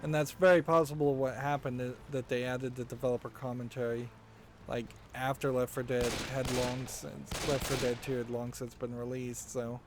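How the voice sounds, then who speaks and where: A man's voice: medium pitch, level tone, moderate pace, background noise. A man hosting a let's play, thinking aloud as he plays, with hesitant restarts. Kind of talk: casual gameplay commentary.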